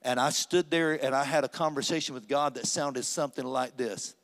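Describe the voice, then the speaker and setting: A man's voice: mid-range voice, brisk, gravelly, fairly bright tone. An older man, a pastor, preaching a sermon as a personal story and acting out the dialogue with rising, emphatic peaks. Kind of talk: sermon testimony. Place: church sanctuary.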